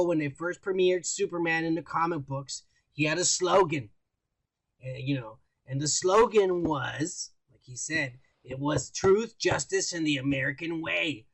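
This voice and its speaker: A man's voice: fairly high pitch, fairly bright tone. A young man co-hosting a casual podcast, profane and mocking as he reads out news stories. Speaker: podcast co-host. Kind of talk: casual drunk banter.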